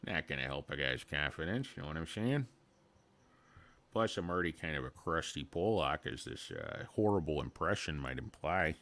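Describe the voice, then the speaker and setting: Deep-voiced man rambling about stocks. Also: animated, moderate pace, fairly bright tone. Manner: rambling, irreverent, crude jokes. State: tired, short on sleep. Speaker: stock market video host. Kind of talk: casual stock commentary.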